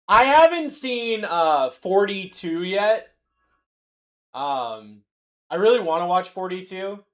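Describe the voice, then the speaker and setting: A man's voice: high-pitched, fairly bright tone. Joking young man hosting a card break. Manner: loose, joking banter while calling out cards. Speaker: card-break livestream host. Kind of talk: casual live-stream chat.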